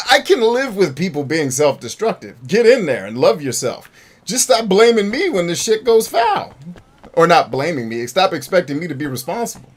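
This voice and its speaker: A man hosting a gameplay stream, joking, rambling and talking to his chat. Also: mid-range voice. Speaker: gaming streamer host. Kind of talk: casual gameplay commentary.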